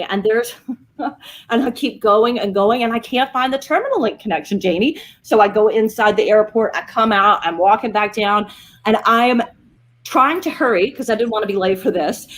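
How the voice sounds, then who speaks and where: A woman, telling an animated story on a casual video call chat and laughing often. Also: a little high. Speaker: co-host.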